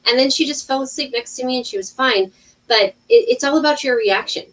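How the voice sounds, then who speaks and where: A woman in her thirties, an intuitive healer talking casually on a livestream, animated, with many restarts. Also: high-pitched, a little fast, far from the mic, rough recording. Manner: animated storytelling with acted-out quotes and many restarts.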